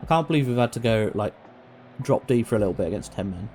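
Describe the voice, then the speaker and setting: A man's voice: fairly low pitch, expressive, fast, darkish tone. A man doing casual, sweary live-stream commentary on a football management game. He talks to the players on screen and goes off on rants.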